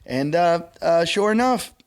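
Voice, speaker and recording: A man's voice: fairly high pitch, animated, unhurried, smooth. A man hosting a casual comedy podcast, rambling through a drunken story and swearing a lot. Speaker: podcast host.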